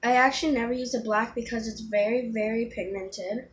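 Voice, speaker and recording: A woman's voice: on the high side, steady tone, brisk. A teenage girl chatting casually through a makeup tutorial, rambling with ums and restarts. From Florida. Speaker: beauty vlogger.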